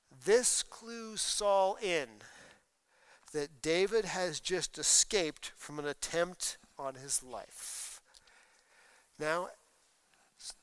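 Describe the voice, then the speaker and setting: Male pastor, sermon delivery, high bright voice, smooth and dry. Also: no echo. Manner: expository preaching, reads scripture aloud with emphasis.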